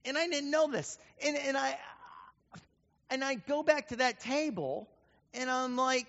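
A man's voice: very high voice, normal speed. A man preaching a sermon as pastor, telling stories and acting out the voices of the people in them. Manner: storytelling, animated, acts out quoted voices. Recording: dull sound with long hall reverb.

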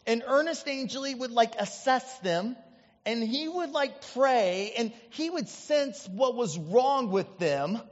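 A male pastor from the US Midwest, telling stories in a chatty, animated sermon with many asides. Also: very high-pitched, slow, long reverb tail, dull audio. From Indiana, US Midwest. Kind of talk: storytelling sermon.

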